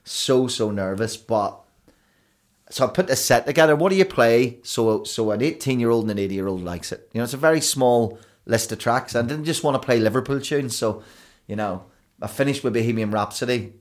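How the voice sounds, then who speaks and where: A man, a broadcaster and DJ guest telling rambling, animated stories in a casual podcast chat. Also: medium pitch, normal speed. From Belfast, Northern Ireland. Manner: rambling, animated storytelling with restarts.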